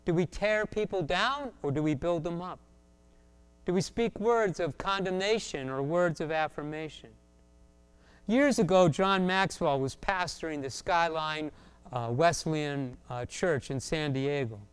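Crisp-voiced preacher from South Florida. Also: male voice, fairly high pitch, unhurried. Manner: humorous storytelling, acts out voices. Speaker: pastor. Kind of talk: sermon.

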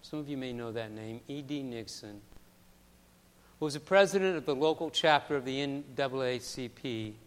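A man preaching a sermon as pastor, telling a story that swings from hushed passages to loud, emphatic ones. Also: mid-range voice, moderate pace, smooth, in a large hall.

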